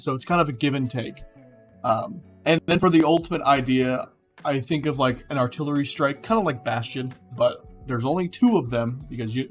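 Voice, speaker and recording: Rambling young man talking game ideas. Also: mid-range voice. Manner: rambling, self-correcting, lots of fillers. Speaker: gaming video creator. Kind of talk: casual commentary on game hero concepts.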